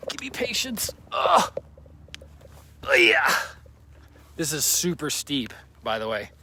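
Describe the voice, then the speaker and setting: A man with a mid-range, pushed and bright voice livestreams his road trip by a lake, phone in hand. Slightly out of breath, he keeps up a casual, jokey chat and greets viewers by name.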